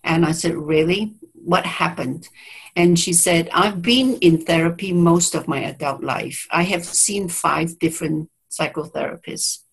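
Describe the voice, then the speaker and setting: Husky-voiced woman telling a client story. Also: on the low side, a little slow, low-quality recording. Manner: reflective, hesitant restarts, quotes clients aloud. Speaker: therapist and guest speaker. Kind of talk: storytelling in an interview. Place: online video call. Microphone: video call mic.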